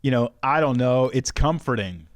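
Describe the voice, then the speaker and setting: A man's voice: medium pitch, animated, moderate pace, dry recording. Dry-voiced man telling stories on a podcast. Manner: storytelling, acts out quotes. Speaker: podcast host. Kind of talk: casual chat.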